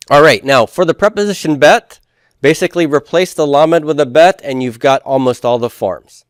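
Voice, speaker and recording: A man's voice: medium pitch, animated, brisk, smooth, no echo. A male teacher, giving a patient classroom lecture and leading his students through call-and-response drills.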